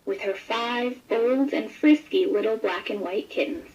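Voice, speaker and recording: A woman narrating a children's picture book in a gentle, expressive read-aloud manner. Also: a little high, measured pace, muffled recording. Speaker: storybook narrator. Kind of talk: scripted children's story narration.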